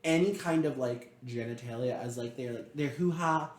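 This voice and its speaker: A man's voice: medium pitch, normal speed, reverberant. A young man co-hosting a podcast, telling a story in a rambling, exasperated way with many fillers. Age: young adult. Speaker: podcast co-host. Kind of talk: casual storytelling chat.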